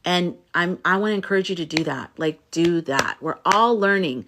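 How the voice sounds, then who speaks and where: A woman's voice: on the low side, expressive, moderate pace, background noise. A middle-aged woman hosting a casual livestream, talking to viewers in a playful, rambling way and swearing now and then. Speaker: livestream host, spiritual coach.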